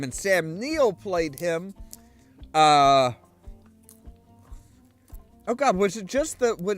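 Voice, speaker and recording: A man reading a video game's text aloud, chatty, with asides and restarts. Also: high-pitched. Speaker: game streamer.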